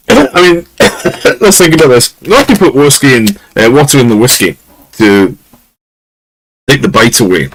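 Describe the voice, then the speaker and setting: A man from Scotland, hosting a podcast from a room at home, tells casual stories with rambling chuckles and frequent fillers. His voice is mid-range, and the low-quality recording from his lesser mic carries a little hiss or hum.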